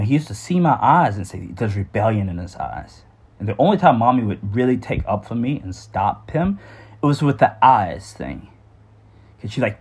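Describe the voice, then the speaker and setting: A man's voice: medium pitch, darkish tone, slightly rough. A man telling a candid personal story about his childhood, with frequent restarts and some swearing.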